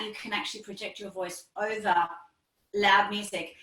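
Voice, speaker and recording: A woman's voice: mid-range voice, fairly even intonation, normal speed, bright, forceful tone, echoey room, far from the mic, low-quality recording. A woman vocal coach explaining technique in a conversational interview, with many fillers and frequent laughs.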